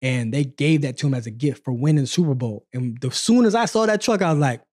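A man in his forties, a guest on an interview show, telling stories from his past in a relaxed, conversational way. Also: medium pitch, quick pace. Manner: relaxed, conversational, acts out quoted dialogue. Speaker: interview guest, former sprinter. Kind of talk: casual storytelling interview.

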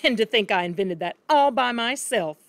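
A woman voicing a boastful, crooked car-dealer father who brags loudly about his tricks. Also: fairly high pitch, animated, moderate pace, creaky, dry recording. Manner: blustering, bragging, shouting.

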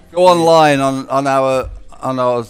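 A man's voice: mid-range voice, slow pace, a crowd in the background. A man hosting a conference panel in an upbeat, chatty way. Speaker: panel host.

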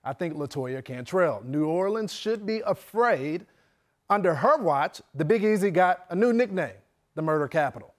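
A man's voice: sits high, animated, moderate pace. A man hosting a cable news segment, delivering a scripted, opinionated monologue with emphatic delivery. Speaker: news host.

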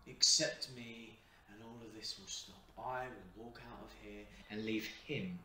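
A man playing a cruel demon who has taken over a young man. He speaks low and coaxing, with a menacing edge, in a student short film drama. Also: fairly even intonation, measured pace, pushed and bright, a little hiss or hum. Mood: taunting. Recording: echoey room from a distance, music under.

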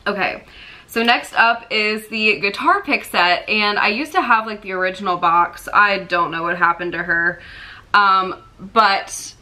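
Bright-voiced young woman, chatty vlogger. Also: mid-range voice, unhurried. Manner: chatty and emotional, fan excitement. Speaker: vlogger showing a merch collection. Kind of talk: casual chat.

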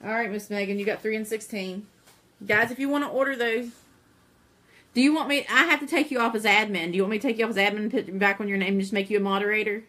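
A woman's voice: mid-range voice, fast talker, sharp tone. A woman with a stuffy nose hosting a casual live-stream sale, chatting to viewers by name while she multitasks.

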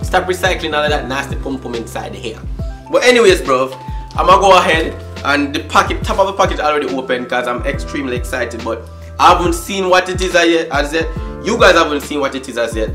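A man's voice: fairly high pitch, expressive, fast talker, bright, forceful tone, faint music behind. A young man vlogging an unboxing in hyped, slangy chatter full of catchphrases and swearing. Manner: swears freely. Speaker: YouTube vlogger. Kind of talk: casual vlog unboxing.

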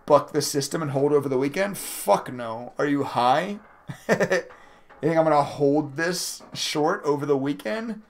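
Gravelly-voiced man venting on a trading stream. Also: a little high, unhurried. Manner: frustrated, swearing, chatting to viewers. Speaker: day trading livestreamer. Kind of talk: casual live-stream commentary.

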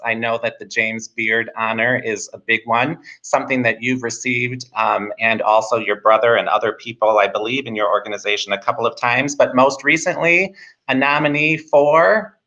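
A man hosting a live interview show, with a bright, forceful voice and an effusive, upbeat manner. His audio comes through muffled and lo-fi, as though over a modest stream connection. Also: medium pitch, normal speed. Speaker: host.

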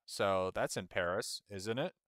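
An American man streams a game, grumbling at it, mocking himself, and laughing often in casual commentary. His voice is fairly low and a bit bright, at a measured pace, in a dry, studio-quality recording.

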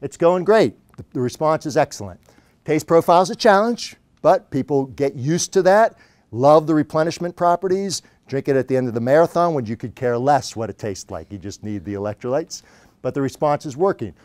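Animated male founder telling his story. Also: fairly high pitch, a little fast, no echo. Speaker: company founder, guest speaker. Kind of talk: storytelling business talk to a university audience.

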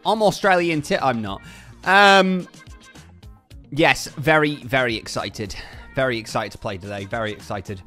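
A man's voice: mid-range voice, unhurried, sharp tone, faint music behind. A man livestreaming a game in casual, upbeat chat, reading out viewer names and thanking donors.

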